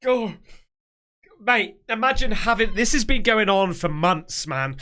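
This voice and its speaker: A man hosting a reaction video, swearing and getting loud and panicky as he reacts. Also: high-pitched, lively intonation, measured pace. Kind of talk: excited reaction commentary.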